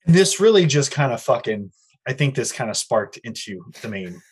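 A man's voice: medium pitch, normal speed, slightly rough. An American man on a casual, profane podcast, reading news stories aloud and ranting about them between lines. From United States. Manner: crude, animated, reads news aloud with ranting asides. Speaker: podcast co-host. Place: Los Angeles area.

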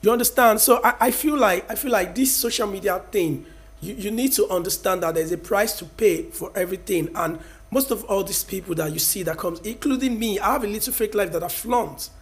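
High-voiced Nigerian vlogger in his thirties, lecturing viewers with emphatic, preachy energy. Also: a little fast. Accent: Nigerian, Yoruba-speaking. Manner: emphatic, preachy, mixes in Yoruba. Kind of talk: casual opinion rant to camera.

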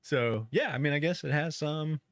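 A man with a voice on the high side co-hosts a casual podcast chat at a moderate pace, playful and dropping wry deadpan asides. The studio sound is clean, with no room sound.

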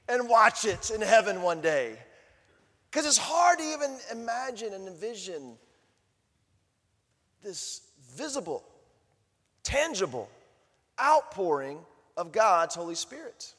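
Man preaching, high voice, animated, hushed to booming, long hall reverb. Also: slow pace, long pauses. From Southern United States. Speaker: pastor. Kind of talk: sermon.

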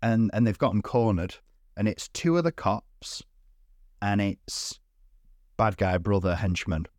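A man's voice: fairly low pitch, lively intonation, unhurried, darkish tone, no echo, studio quality. A man co-hosting a casual podcast, recapping a film with lots of swearing and put-on character voices. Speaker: podcast co-host.

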